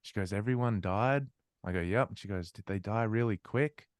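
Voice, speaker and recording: Deep-voiced man, laid-back and dry. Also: moderate pace, dry recording. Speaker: guest, metal musician. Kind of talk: casual chat.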